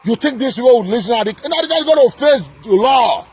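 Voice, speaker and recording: Guy yelling a political rant, really high husky voice, keeps repeating himself. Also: animated, very fast. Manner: shouting, scolding, repeats himself. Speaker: political commentator.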